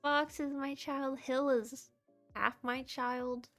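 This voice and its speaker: A young woman with a high, light voice talks with her chat in a relaxed, unhurried way during a casual livestream. She giggles a lot and teases herself, and soft music plays quietly in the background. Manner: giggly, chatty and self-deprecating. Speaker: VTuber streamer and model rigger.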